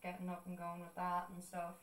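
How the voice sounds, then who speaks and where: A woman's voice: lowish voice, monotone, brisk, a bit bright. A young Irish woman telling stories in casual chat, swearing freely and laughing often. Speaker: art streamer. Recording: roomy sound, distant mic.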